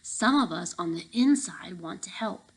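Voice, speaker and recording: Lady reading as a giant guard muttering low and urgent, gravelly. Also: lively intonation, measured pace, full character voice, poor audio. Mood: hushed urgent. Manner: hushed, urgent and secretive. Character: huge gruff male security guard. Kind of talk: audiobook reading.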